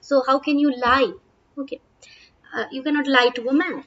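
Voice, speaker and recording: A woman's voice: sits high, steady tone, moderate pace, fairly bright tone, highs cut off. A woman with an Indian English accent, reading play lines aloud and explaining each one in plain words as a teacher. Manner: reads lines aloud, then paraphrases in plain English with frequent "uh" and "okay".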